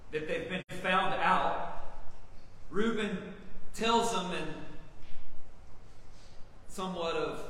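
A man's voice: high-pitched, sharp tone. A man preaching an expository sermon, asking his congregation rhetorical questions. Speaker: pastor. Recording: echoey hall from far off, faint hiss.

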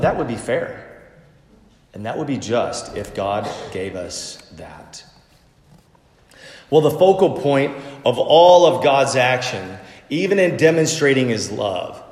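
A man preaching a sermon as pastor, emphatic, with lively swings from loud stress to soft, near-whispered asides. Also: medium pitch, reverberant, long reverb tail.

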